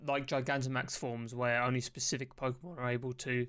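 Man, podcast host, chatty, asks questions, thinks out loud, smooth clear voice. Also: medium pitch, level tone, a little fast. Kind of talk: casual podcast chat.

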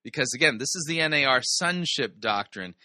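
A man's voice: medium pitch, expressive, fairly quick, pushed and bright. A man hosting a commentary show, casually critiquing sermon clips with sarcastic, incredulous asides. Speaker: host reviewing sermon clips.

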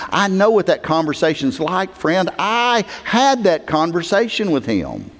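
Male pastor, high-ish voice, emphatic sermon delivery, long church reverb. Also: wildly swooping pitch, a little slow, hardly any pauses. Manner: emphatic, swings from hushed to near-shouting, repeats words for stress.

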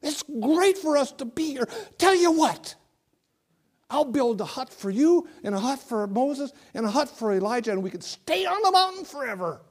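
A man preaching plays the apostle Peter as an excited, babbling man. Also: very high-pitched, normal speed, pitched above the performer's own voice. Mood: giddy. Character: giddy starstruck apostle Peter, eager man.

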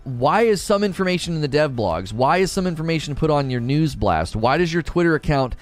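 A man's voice: on the high side, animated, fairly quick, soft background music. A man live-streaming and chatting casually about a game, rambling and often repeating his words, into a desk mic run through a mixer. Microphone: desk mic through mixer and preamp.

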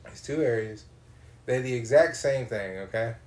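A man's voice: mid-range voice, normal speed. Profane man telling a comic story. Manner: animated, swears a lot, acts out voices.

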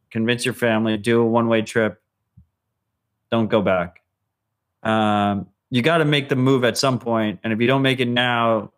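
A man co-hosting a podcast in casual chat, blunt and swearing freely. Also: medium pitch. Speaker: podcast co-host.

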